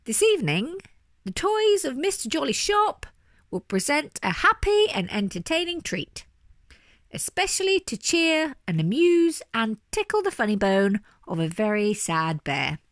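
A woman's voice: sits high, very animated, unhurried, no echo, studio quality, pitched above the performer's own voice. A woman voicing a grand, theatrical female toy hippopotamus in a storybook reading. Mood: grandly announcing. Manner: pompous, theatrical announcer.

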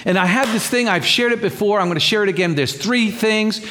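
A male pastor preaching with fervent, repetitive conviction. His voice sits a little higher than most men's, and he often stumbles and restarts mid-phrase as he drives his points home. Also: brisk, few pauses, fairly bright tone. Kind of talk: sermon.

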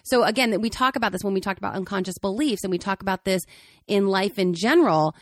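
A woman's voice: medium pitch, fast, no room sound, clean studio sound. A woman co-hosting a podcast, asking thoughtful, probing questions. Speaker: podcast co-host. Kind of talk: podcast conversation.

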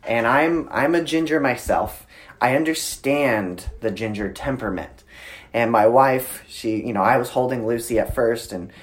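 A man in his thirties, a guest in an interview, explaining communication with lively storytelling and frequent filler words. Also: medium pitch, moderate pace. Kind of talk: conversational interview.

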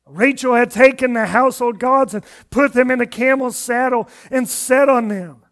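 High-voiced preacher acting out scripture. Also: male voice, moderate pace. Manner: retells scripture with dramatic voices, dropping to a quiet, low finish. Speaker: pastor. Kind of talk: expository sermon.

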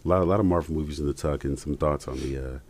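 Man, very low voice, casual podcast chat, rambling, laughs a lot. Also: racing. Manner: rambling, laughs often, animated when retelling stories. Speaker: podcast co-host.

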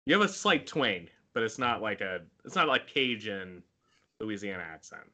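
A man's voice: fairly low pitch, big pitch swings, normal speed, sharp tone. A man from South Carolina hosting a podcast, a little awkward and self-mocking. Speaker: podcast host, accountant. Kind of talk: casual podcast chat.

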